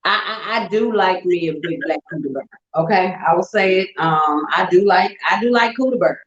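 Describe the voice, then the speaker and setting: A middle-aged woman with a St. Louis accent, co-hosting a casual chat and telling playful, animated stories. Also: on the low side, moderate pace, reverberant, lo-fi sound. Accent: St. Louis, Midwestern US. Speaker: co-host.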